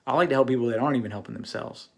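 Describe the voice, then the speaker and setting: A man's voice: medium pitch, rapid-fire, gravelly, a little mellow. A man hosting a casual livestream, talking earnestly to his viewers with many fillers and restarts. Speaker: host of a phone-flipping channel.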